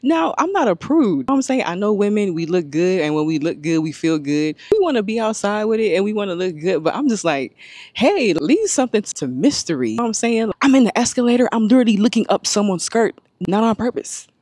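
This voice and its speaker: A woman in casual chat, talking in a chatty, animated way and laughing often. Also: mid-range voice, quick pace, hardly any pauses, dry recording. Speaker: guest.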